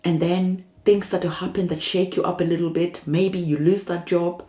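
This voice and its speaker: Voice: mid-range voice, flat delivery, moderate pace, hardly any pauses, mellow, reverberant. A tarot reader giving a spiritual reading in a soothing, reassuring way, repeating phrases as encouragement.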